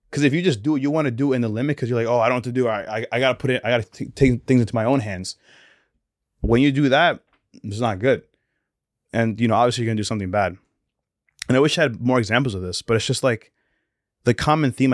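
This young man co-hosts a casual faith podcast, telling stories in a laid-back style packed with slang and fillers. His voice sits in the mid-range, and the sound is clean studio audio with no room sound.

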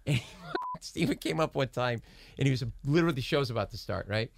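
A man's voice: mid-range voice, expressive, fairly quick, gravelly, background noise. A man talking as a podcast guest, rambling through backstage stories with many restarts and quoted voices. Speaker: guest, late-night show writer. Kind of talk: casual podcast interview.

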